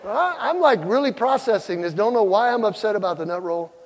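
A man preaching a sermon, telling a personal story in an animated way and acting out both sides of an argument. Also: high-pitched, a little fast, big-room sound, a little hiss or hum. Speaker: pastor.

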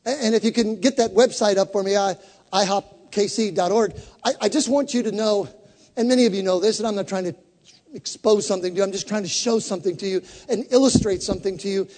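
Pastor, male, very high voice, fervent call-and-response sermon, long hall reverb. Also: fast, darkish tone.

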